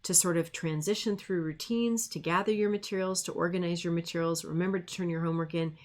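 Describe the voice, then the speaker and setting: Middle-aged woman speaker, lowish voice, friendly lecture with stories and ums. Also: fairly even intonation, quick pace, few pauses, faint music behind. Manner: friendly, anecdotal, with frequent fillers. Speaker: speech and language pathologist. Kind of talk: presentation lecture.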